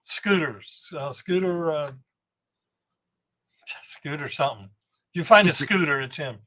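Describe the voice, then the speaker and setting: A man in his seventies, a guest on a podcast, telling rambling, animated anecdotes about engine building and often restarting his sentences. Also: a little high, measured pace. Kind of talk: storytelling podcast interview.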